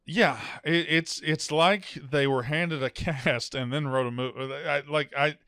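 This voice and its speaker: A man co-hosting a casual movie review chat, blunt and animated, quick to argue a point. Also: on the high side, smooth, no echo, studio quality. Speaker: podcast co-host.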